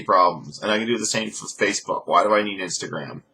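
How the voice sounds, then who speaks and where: A young man rambling sarcastically as he recaps a reality show, mocking people in high put-on voices. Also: fast, few pauses, sharp tone. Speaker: reviewer. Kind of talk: casual recap commentary.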